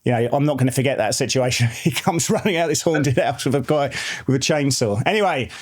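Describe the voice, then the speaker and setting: A man's voice: medium pitch, brisk, breathy edge. Rambling middle-aged man hosting a finance show. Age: 40s. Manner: rambling, many fillers and restarts. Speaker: market research head co-hosting a finance show. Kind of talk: casual market chat.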